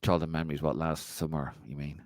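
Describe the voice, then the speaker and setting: A man's voice: rumbling low, steady tone, fast, dry recording, clean studio sound. A man hosting a podcast, chatting casually and laughing as he reads out viewer comments. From Ireland.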